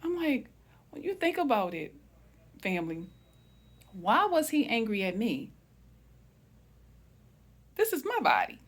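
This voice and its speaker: Slow, soft-spoken woman telling her story. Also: a little high, huge pitch swings. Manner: slow, reflective, addresses viewers as family. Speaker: wellness channel host. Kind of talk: personal storytelling vlog.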